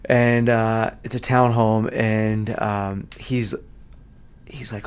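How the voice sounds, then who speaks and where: A man's voice: lowish voice, moderate pace, smooth. A young adult man, a real estate agent, telling stories in a casual chat, full of fillers and laughter. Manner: animated, laughing storyteller who keeps saying "like".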